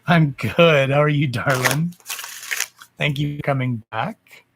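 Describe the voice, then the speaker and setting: A man with a gravelly, creaky voice hosts a live card-reading stream, joking around and swearing casually. He chats warmly with his viewers, calling them darling and love. A clear hiss of background noise runs under the voice, along with the clicks of shuffling cards. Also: medium pitch, slow. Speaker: psychic medium doing live card readings.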